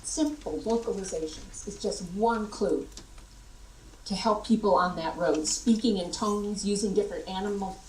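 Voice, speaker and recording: A middle-aged American woman giving a lively conference workshop and demonstrating vocal tones to the audience. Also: medium pitch, moderate pace, a little hiss or hum. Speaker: workshop presenter. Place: large conference hall. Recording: echoey hall, voice from far off.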